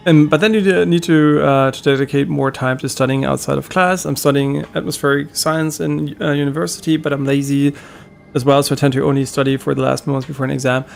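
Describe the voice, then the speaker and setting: A man's voice: medium pitch, level tone, a little fast, creaky. A young man streaming a game, chatting casually and rambling with lots of fillers and easy laughter. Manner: rambling, loose, laughs often, many fillers. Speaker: gaming streamer. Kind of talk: casual chat while streaming gameplay.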